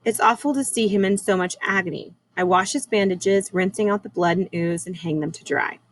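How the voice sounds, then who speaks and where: A female teacher reads a chapter book aloud to her class in a measured, unhurried way, making a small slip now and then. Her pitch is middling, and the low-quality recording carries a little hiss or hum.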